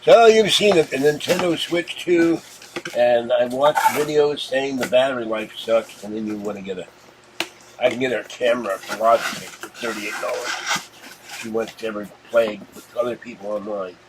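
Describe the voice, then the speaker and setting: A man's voice: mid-range voice, steady tone, normal speed, noisy background. A man from Pittsburgh hosting a casual unboxing vlog, talking to the camera in a rambling, meandering way. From Pittsburgh, USA. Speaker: channel host.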